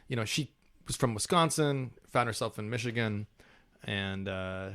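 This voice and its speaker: A man's voice: fairly low pitch, normal speed, clean tone. A man with an Ohio accent, a guest on an interview podcast, telling stories in an easygoing way with many filler words. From United States. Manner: relaxed storytelling with filler words. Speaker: podcast guest, English professor. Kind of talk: casual interview conversation.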